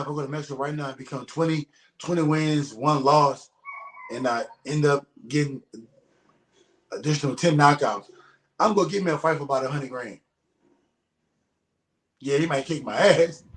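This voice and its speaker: A man's voice: on the high side, a little fast, pauses often, fairly bright tone. A man, a retired professional boxer, talking bluntly and casually as an interview guest, with frequent swearing. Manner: blunt, profane, emphatic. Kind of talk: casual conversation. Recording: echoey room.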